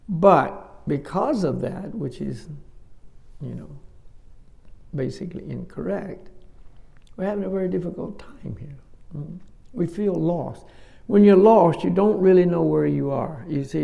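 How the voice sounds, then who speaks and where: A man's voice: fairly high pitch, creaky, warm tone. A man as a spiritual teacher giving a sermon to a live audience, telling stories in a conversational way with folksy asides and chuckles. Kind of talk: sermon with storytelling. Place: talk before a live audience.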